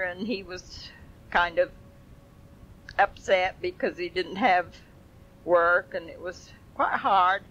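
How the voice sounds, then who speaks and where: A woman's voice: medium pitch, fairly bright tone. Brief: older woman, folksy and rambling oral history, dull lo-fi tape. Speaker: family storyteller.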